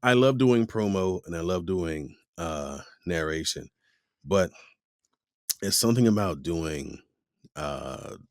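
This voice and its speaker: A voice actor, appearing as an interview guest, chats casually and animatedly, performing the voices of people he quotes. He speaks low and slow. The recording is dry and clean, with studio sound.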